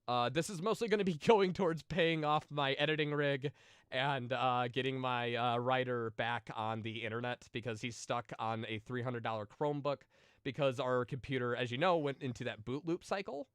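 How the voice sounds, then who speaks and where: A man with a clear, resonant, fairly bright mid-range voice livestreams at a moderate pace in clean studio quality with no room sound. He reads viewer questions and answers casually in a rambling, profane way full of fillers and restarts, sometimes getting emotional and sensitive.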